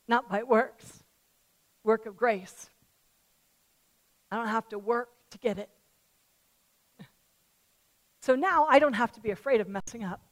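A woman pastor preaching a sermon, swinging between loud fervent declarations and quiet conversational asides, telling a parable in a chatty way. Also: on the high side. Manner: tells a parable in a chatty storytelling way.

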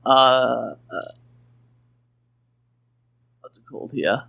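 A man's voice: medium pitch, expressive, drawn-out words, vocal fry, pushed and bright, no echo. A chatty man talks frankly and rambles as a podcast guest. His voice sits in a middle range, recorded dry and dull. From Australia. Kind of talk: casual podcast chat.

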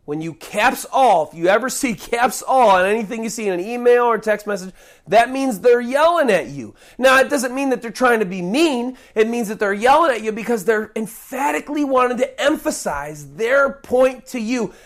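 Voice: medium pitch, lively intonation, normal speed. Emphatic preacher teaching scripture. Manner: emphatic, with sudden loud bursts and restarts. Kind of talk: Bible teaching sermon.

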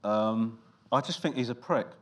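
A comedian in a casual interview, telling stories in a dry, self-mocking way with lots of "uh" and restarts. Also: male voice, mid-range voice, moderate pace, background noise. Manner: dry self-deprecating storytelling with fillers. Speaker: comedian guest.

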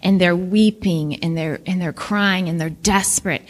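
A woman's voice: fairly low pitch, fairly even intonation, normal speed, few pauses. Earnest woman preaching a sermon. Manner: earnest, reflective, quotes scripture. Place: church.

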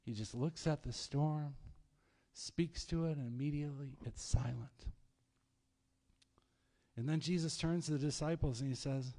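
A man preaching a sermon as pastor, telling stories in a lively, conversational way. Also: on the high side, a little slow, pauses often. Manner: storytelling, animated, conversational preaching. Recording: long hall reverb.

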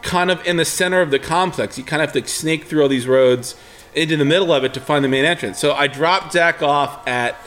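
Young male podcast co-host, a bit high, animated storyteller, faint music under. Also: a little fast. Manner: animated storytelling, acts out quoted talk. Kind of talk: casual chat.

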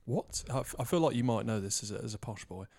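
A man's voice: mid-range voice, expressive, fast talker, gravelly, a little mellow. A man hosting a casual podcast quiz, playful and teasing as he reads out the questions. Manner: playful, laughs often, teasing. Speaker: podcast host, quizmaster.

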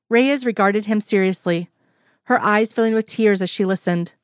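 A woman narrating an audio story in a calm, even, measured way. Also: mid-range voice, no room sound, studio quality.

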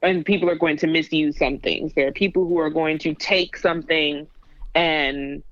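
In a casual podcast chat, a woman tells stories bluntly and with animation, laughing now and then. Her voice sits low, and the lo-fi recording sounds dry and dull, with no room sound.

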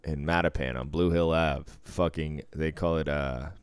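A man's voice: very deep voice, steady tone, normal speed, clear, resonant tone, no echo. A young man, co-hosting a casual podcast chat, rambling and swearing, hungover. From Cambridge, Massachusetts. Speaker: podcast co-host.

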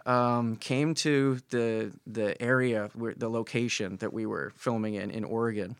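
A man's voice: medium pitch, steady tone, unhurried, clean tone, no room sound. A man, an actor on a podcast, telling a casual anecdote animatedly, acting out voices and laughing often.

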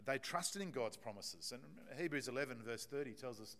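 A man's voice: mid-range voice, lively intonation, fairly quick, bright, forceful tone. A man preaching a sermon to his congregation, talking in a conversational, emphatic way with frequent restarts and fillers.

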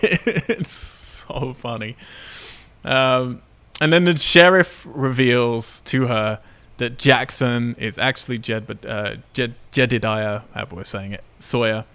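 A man co-hosting a casual podcast chat, excitedly recapping a film and laughing often as he talks. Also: mid-range voice, takes it slowly.

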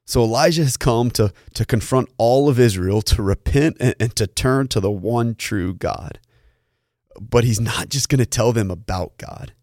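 A man's voice: mid-range voice, darkish tone, dry recording, studio quality. A man preaching as a pastor, telling a story in earnest and often repeating words as he restarts. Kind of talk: sermon storytelling.

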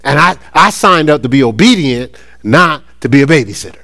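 A middle-aged pastor with a drawl preaches in an animated, conversational way, his pitch leaping up and down as he acts out playful little voices. His voice sits a touch higher than most men's. The sound is dry and close. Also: fairly quick, dry recording. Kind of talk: sermon.

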